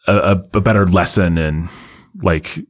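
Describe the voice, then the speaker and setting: A man co-hosting a casual movie-review talk, rambling and animated, often laughing. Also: deep voice, normal speed. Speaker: podcast co-host reviewing a movie. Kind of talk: casual chat.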